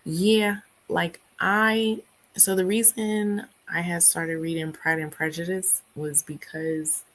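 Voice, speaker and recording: Still not fully recovered from laryngitis, this young woman runs a book club livestream, reading out viewer comments and chatting in a relaxed way. Her voice sits low with a fairly bright quality, and she's chatty, quick to laugh, and fond of performing quotes, all over a rough recording.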